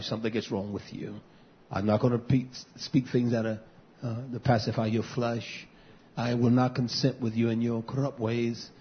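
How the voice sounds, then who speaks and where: A man preaching a sermon as pastor, impassioned and swinging between loud and hushed passages. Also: mid-range voice, breathy edge. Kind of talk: sermon to a live stream. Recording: dull lo-fi recording.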